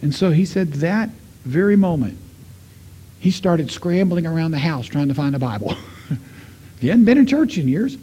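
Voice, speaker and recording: A middle-aged man preaching a sermon, telling a story and voicing the people in it, swinging from loud to hushed. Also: on the high side, expressive, normal speed, long pauses, husky. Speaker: pastor.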